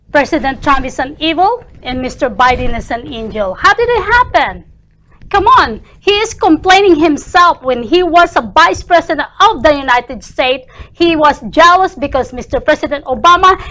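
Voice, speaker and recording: A woman's voice: sits high, lively intonation, moderate pace, bright, forceful tone. A woman with a voice, speaking in passionate, indignant bursts on a talk show. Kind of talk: heated political opinion.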